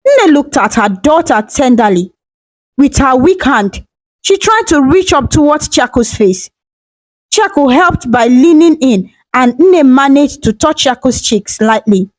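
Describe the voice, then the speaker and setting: A woman narrating a folktale in a gentle, emotional scripted reading. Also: high-pitched, very animated, a little slow, no echo, rough recording. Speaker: storyteller.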